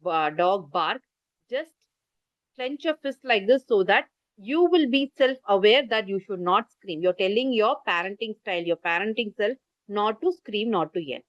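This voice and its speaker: A parenting workshop speaker with an Indian English accent runs an online class on a video call, gesturing as she explains and asking listeners to type in the chat. She speaks in an animated, mid-range voice at a moderate pace, over muffled, lo-fi audio with no echo.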